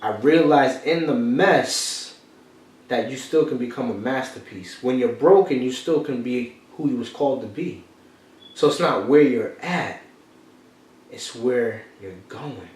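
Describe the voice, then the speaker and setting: A man's voice: mid-range voice, unhurried, a little mellow, distant mic. A man, telling a personal story as a motivational podcast host. He repeats his key phrases like a preacher. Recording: echoey room, off-mic, faint noise.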